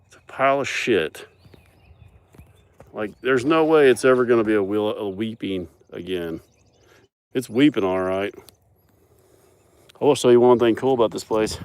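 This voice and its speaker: A man's voice: on the low side, expressive, measured pace, pauses often, darkish tone, clean tone. A man chatting casually on a live stream while out among cattle in a pasture, joking and talking to the animals. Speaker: livestreamer on a farm.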